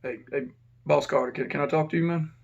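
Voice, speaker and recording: A man voicing a tense male inmate who talks in a hushed, urgent, profane way. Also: fairly high pitch, fairly even intonation, fast, creaky, dull audio.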